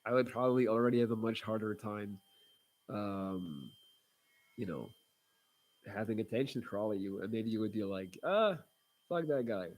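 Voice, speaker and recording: Speaking at normal speed with a fairly low, darkish voice and long pauses, a man hosts a casual livestream and reads viewer comments. His talk is rambling and blunt, heavy with fillers and restarts.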